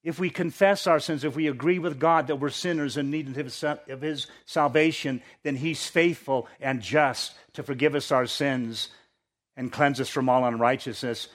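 A man preaching a sermon, reading scripture with rising intensity and dropping to quiet asides, often repeating words as he restarts. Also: steady tone, normal speed. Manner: preaching, rises in pitch and force when reading scripture, drops low for asides. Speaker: pastor.

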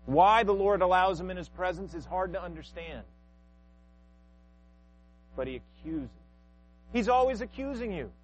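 A man's voice: sits high, a little hiss or hum, rough recording. A man, a pastor, preaching a sermon with rhetorical questions and acted-out quotes.

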